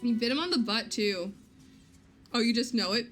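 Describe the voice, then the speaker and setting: Woman streamer, slightly high voice, chatty, thinking aloud, game music playing clearly behind. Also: moderate pace, a bit bright. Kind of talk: live game stream commentary.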